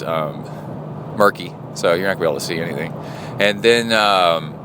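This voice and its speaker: A man's voice: sits low, background noise. A middle-aged man, talking casually and rambling with lots of fillers, livening up when he retells a story. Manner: rambling, with many fillers and restarts; animated when retelling stories. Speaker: podcast host and triathlon coach. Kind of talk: casual spoken diary.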